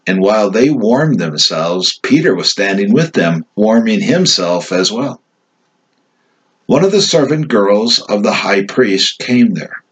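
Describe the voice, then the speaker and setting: Low husky man reading scripture. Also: sing-song, a little slow, poor audio. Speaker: scripture reader.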